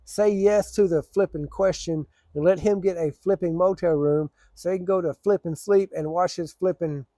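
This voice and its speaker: A man's voice: high-pitched, fairly even intonation, moderate pace, hardly any pauses, warm tone, no echo, clean studio sound. A man telling rambling, profane stories in a casual, laid-back way. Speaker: storyteller. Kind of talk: casual storytelling.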